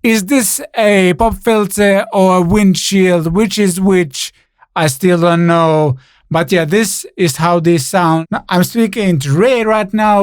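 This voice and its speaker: A man with a high-sitting, darkish voice talks slowly, recorded dry through a studio condenser mic. He's a gear reviewer running a casual product demo of microphones, rambling playfully and poking fun at himself.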